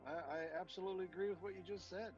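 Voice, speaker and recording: A man's voice: sits high, fairly even intonation, very fast, dull audio, music in the background. A man who served in the military, talking earnestly in an interview with many fillers and restarts. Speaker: veteran guest. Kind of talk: casual interview talk.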